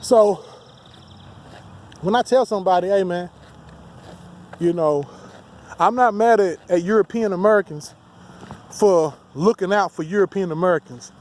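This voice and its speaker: A man's voice: high-pitched, a little mellow. A man delivering a heated, profane, rambling rant as a solo vlogger. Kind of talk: ranting monologue to camera.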